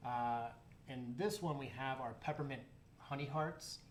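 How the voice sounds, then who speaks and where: Man, small-business chocolate maker, casual and jokey, many ums, middle pitch, echoey room. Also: a little slow. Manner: relaxed, joking, with fillers and restarts. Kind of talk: casual interview. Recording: echoey room with faint noise.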